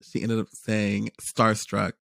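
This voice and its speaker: Animated young man telling a story. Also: on the low side, takes it slowly, creaky, dry recording, clean studio sound. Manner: animated storytelling, many fillers and repeated words. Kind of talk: casual chat.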